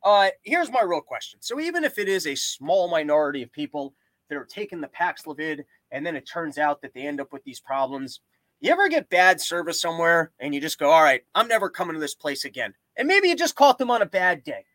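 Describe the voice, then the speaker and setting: High-voiced man riffing on his podcast. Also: sing-song, a little fast, a bit bright, no echo, rough recording. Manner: rambling, sarcastic, riffing tangents. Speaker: podcast host. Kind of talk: comedic monologue.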